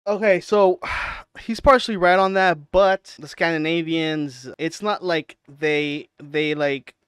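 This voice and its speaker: A man's voice: fairly high pitch, fairly even intonation, slow, a bit bright, clear, resonant tone, no room sound, studio quality. A man casually commenting on podcast clips in a teasing, chatty way, full of fillers. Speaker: reaction commentator.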